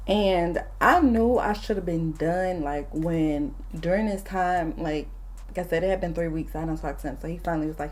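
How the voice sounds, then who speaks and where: A woman's voice: on the low side, moderate pace. Blunt, profane woman in her late twenties. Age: late 20s. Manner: blunt, profane, animated storytelling. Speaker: vlogger. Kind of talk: casual storytime while doing makeup.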